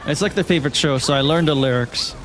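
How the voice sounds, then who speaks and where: Streaming a video game, a Malaysian man talks fast in a fairly high voice, chatting casually with viewers. He's relaxed and chatty, reading messages from chat and answering them, while game music plays faintly behind him.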